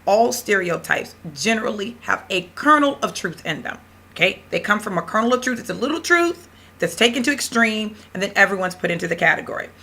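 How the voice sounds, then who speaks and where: A woman professor lectures in a bright, forceful voice, leaning on her words and telling a classroom story with lively emphasis. She talks to the room in a loose, conversational way and leaves room for the class to answer. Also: mid-range voice, a little fast, breathy edge.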